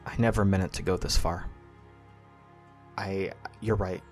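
A man playing a quiet, ashamed woman captain. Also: low-pitched, steady tone, faint music behind. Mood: remorseful. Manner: quiet, halting apologies.

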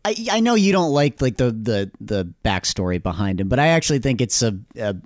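A man's voice: mid-range voice, very animated, brisk, no room sound, clean studio sound. A man co-hosting a podcast, chatting casually about movies and hedging his opinions. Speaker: podcast co-host.

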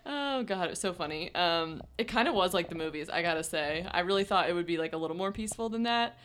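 Chatty young woman, low-pitched. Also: quick pace, a bit bright. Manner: chatty, frequent "like" fillers, laughs often. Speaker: podcast co-host. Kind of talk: casual storytelling chat.

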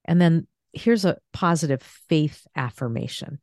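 Podcast host, female, deep and unhurried, calm and reflective delivery, dry booth sound. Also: gravelly, no room sound. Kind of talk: casual faith-based conversation.

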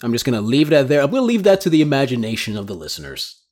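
Casting: male game master, lively pitch, playful narration of a tabletop game. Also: rapid-fire. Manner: playful, voicing characters, laughing.

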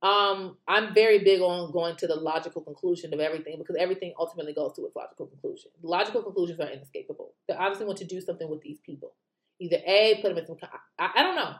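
A woman's voice: fairly low pitch, fast. Indignant woman ranting in an echoey room. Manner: animated, rhetorical, indignant, with mocking asides. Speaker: political commentary vlogger. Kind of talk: casual opinion commentary.

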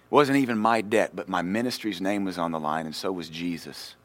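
Guy preaching, lowish voice, storytelling sermon, gets loud then drops quiet. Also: fairly quick. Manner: lively storytelling, swings between loud and quiet. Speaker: pastor.

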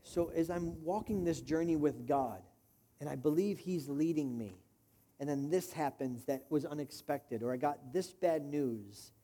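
Warm-voiced man preaching conversationally. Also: fairly high pitch. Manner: conversational, direct, asks the congregation questions. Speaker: pastor. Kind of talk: sermon.

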